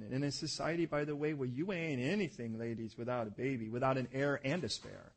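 A man preaching a sermon as pastor, telling stories animatedly and acting out voices, dropping soft for tender moments. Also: mid-range voice, fairly quick, few pauses.

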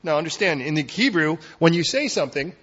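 A man preaching a sermon as a pastor, dramatic, swinging from loud emphatic lines to hushed ones. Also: on the high side, expressive, brisk, husky, highs cut off.

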